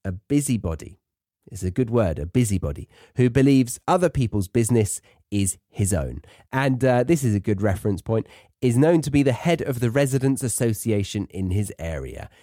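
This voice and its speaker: A man's voice: mid-range voice, expressive, normal speed, warm tone, dry recording, studio quality. A man with a British accent hosting a podcast for English learners, chatting playfully and repeating words for practice. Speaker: podcast host.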